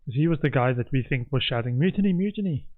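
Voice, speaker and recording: A man's voice: medium pitch, fairly even intonation, quick pace. A man streaming a game, thinking aloud as he puzzles over clues. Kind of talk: gameplay commentary. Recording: muffled lo-fi sound with faint game music.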